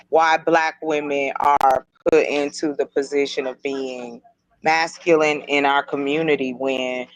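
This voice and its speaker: A woman's voice: low voice, no echo, poor audio. A woman co-hosting a podcast discussion, talking in an earnest, questioning way. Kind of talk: casual discussion.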